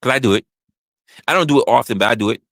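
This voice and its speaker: A man's voice: mid-range voice, racing, a bit bright, dry recording. A man hosting a talk show, ranting in a profane, emphatic way and repeating his points. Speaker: podcast host. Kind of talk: opinionated casual rant.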